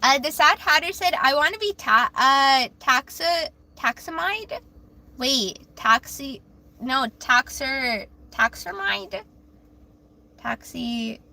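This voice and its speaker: Young female tarot streamer, casual and self-deprecating, bright tone. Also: high voice, animated, slow pace, gravelly. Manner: rambling, self-deprecating, stumbles over words. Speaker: livestream tarot reader. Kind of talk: casual livestream chat reading comments.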